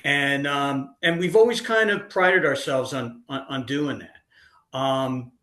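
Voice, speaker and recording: A man's voice: mid-range voice, takes it slowly, a bit bright, echoey room. A middle-aged man, a band leader, answering interview questions in an easygoing way.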